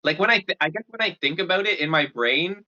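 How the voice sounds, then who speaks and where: A young man chats on a podcast, bright and forceful in tone, and slips into the voices of the people in his story. The recording is dull and lo-fi. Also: on the high side, fast. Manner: animated storyteller, acts out quotes. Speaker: podcast co-host. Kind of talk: casual chat. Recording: dull lo-fi sound.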